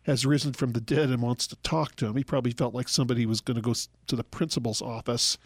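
A man explaining Bible passages in a relaxed radio talk, acting out the quoted dialogue as he goes. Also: mid-range voice, quick pace, dry recording, clean studio sound. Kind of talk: conversational Bible teaching.

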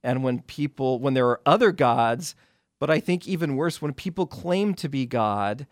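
A man's voice: mid-range voice, animated, moderate pace, no room sound. A man talks as a guest film critic on a radio show. His delivery is loose and rambling, with frequent restarts as he retells scenes. The studio sound is dry and close. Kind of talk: casual explanatory radio talk.

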